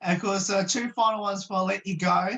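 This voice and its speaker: A woman's voice: mid-range voice, steady tone, fast talker, a bit bright. A woman interviewer for a radio show, asking questions over a video call with many ums and uhs.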